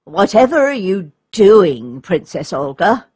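A woman voicing a gruff, grumbling man who works as a forester, scolding in a storybook reading. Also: mid-range voice, very animated, slow pace, darkish tone, no echo, studio quality, exaggerated voice.

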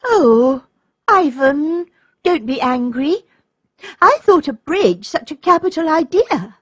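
A woman voicing Princess Olga, an eager, excitable young girl, in a storybook reading. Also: high voice, slow, dry recording, clean studio sound, pitched above the performer's own voice, exaggerated voice.

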